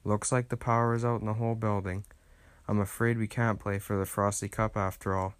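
A hockey coach making a plain, regretful announcement to his team, as a man reading a storybook puts him on. The voice is low and the recording is dry. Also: level tone, a little fast, clean tone, no room sound, natural voice.

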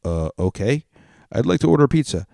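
A man's voice: mid-range voice, sing-song, brisk, creaky, mellow, no echo, studio quality, pitched above the performer's own voice. A man playing a confused, hungry male caller ordering pizza, hesitant and baffled, in a joke he reads aloud.

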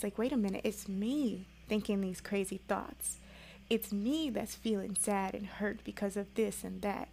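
A woman's voice: mid-range voice, a little hiss or hum, poor audio. A woman giving a motivational self-help talk to her viewers, earnest and coaching, repeating key phrases for emphasis. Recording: clear music bed behind voice.

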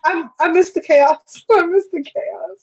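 A young woman talks casually on a podcast, rambling through her thoughts with frequent laughs. Her voice is high, and the recording sounds a little dull and lo-fi. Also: unhurried, a little mellow. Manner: chatty, rambling, laughs often. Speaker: podcast co-host. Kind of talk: casual chat.

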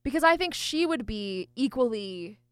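A woman's voice: on the high side, expressive, moderate pace, clear, resonant tone, dry recording, clean studio sound. Effusive woman stammering through choices. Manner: effusive, laughing, stammering while deciding. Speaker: podcast co-host. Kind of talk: casual chat game.

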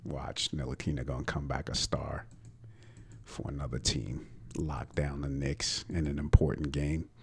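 A man's voice: a bass voice, level tone, a little slow, creaky, breathy edge. A young man ranting about sports on a podcast, brash, profane and mocking.

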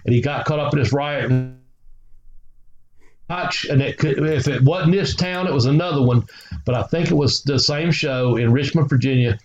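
A man, a guest telling rambling stories and swearing freely. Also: medium pitch. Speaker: guest, former wrestler. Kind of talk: casual storytelling. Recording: roomy, slightly dull recording.

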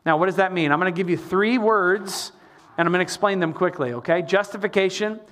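Male pastor, middle-aged, lively emphatic sermon delivery, swings between loud pushes and quiet asides. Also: high-pitched, brisk. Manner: animated preaching with sung lines and emphatic repetition.

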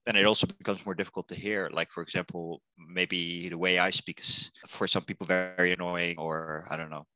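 A man's voice: low voice, level tone, fairly quick, poor audio. A man, a guest on a casual podcast, easygoing and self-deprecating.

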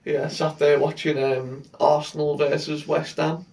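Man, high voice, laughing storyteller, a bit off-mic. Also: level tone, unhurried, creaky, darkish tone, recorded from a distance. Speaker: podcast co-host. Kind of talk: casual chat.

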